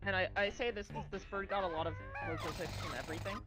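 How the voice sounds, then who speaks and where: A woman telling a casual story on a gaming stream, halting and full of restarts. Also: medium pitch, steady tone, music in the background. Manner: rambling, halting, many fillers and restarts.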